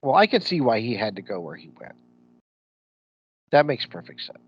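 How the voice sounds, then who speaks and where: A man's voice: medium pitch, very animated, normal speed, breathy edge. A man with a Midwestern American accent, co-hosting a podcast in casual, opinionated chat. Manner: blunt, opinionated, uses slang like ain't. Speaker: podcast co-host. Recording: dull lo-fi podcast audio.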